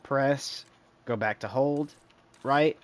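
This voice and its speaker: Here a man of medium pitch takes his time while playing a shooter on stream. It's casual gameplay commentary: he rambles, addresses chat directly, and imitates the game's sounds.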